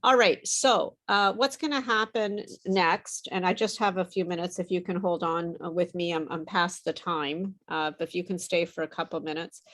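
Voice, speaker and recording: A woman's voice: lowish voice, steady tone, moderate pace, few pauses, fairly bright tone. A woman teaching English pronunciation, encouraging and patient, explaining with frequent fillers. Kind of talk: online pronunciation lesson.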